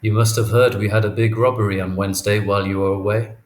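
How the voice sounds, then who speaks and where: A man's voice: on the low side, level tone, fast, close to an everyday voice. A man doing a weary, guarded older father. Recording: echoey room, faint noise.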